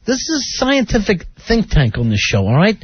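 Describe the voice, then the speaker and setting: A man co-hosting a comedic talk radio show, ranting sarcastically and loudly. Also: high-pitched, huge pitch swings, normal speed, slightly rough, no room sound. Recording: dull lo-fi radio recording.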